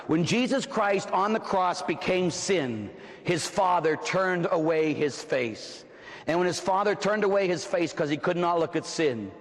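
Fervent high-voiced male preacher. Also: in a large hall. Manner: fervent, often shouting, dramatic pauses. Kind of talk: impassioned sermon.

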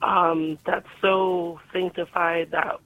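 A woman's voice: on the low side, little pitch movement, takes it slowly, a little hiss or hum. A woman calling in to a radio show from Georgia, asking her question politely with hesitant fillers. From Georgia, USA. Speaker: caller. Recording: tinny phone line.

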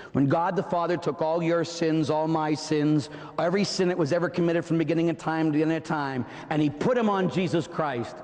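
A male preacher delivers a fervent sermon in a high voice, often rising to a shout. He speaks slowly with dramatic pauses, and his voice has a gravelly edge. Long reverb trails every phrase. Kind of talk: impassioned sermon.

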